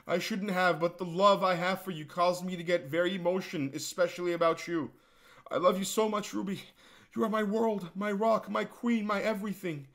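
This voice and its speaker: A man voicing an obsessed, lovesick young man who reads his own pleading messages in a high, whiny voice. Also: fairly even intonation, normal speed, fairly bright tone.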